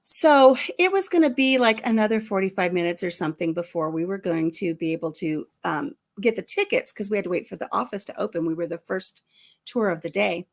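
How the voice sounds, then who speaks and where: A woman's voice: medium pitch, a little fast. Chatty grandmotherly woman storyteller. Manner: chatty storyteller with frequent restarts. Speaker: vlogger telling a family story. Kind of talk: casual chat.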